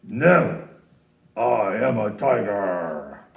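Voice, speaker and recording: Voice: medium pitch, lively intonation, extremely slow, gravelly, echoey room, full character voice. Someone voicing a skeptical animal in a storybook read-aloud, teasing and scoffing at a mouse.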